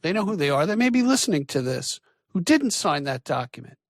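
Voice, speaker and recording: Guy host, kinda high voice, dry sound, passionate and emphatic. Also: big pitch swings, fairly quick, no room sound. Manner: passionate, emphatic, gets worked up. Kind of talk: conversational interview.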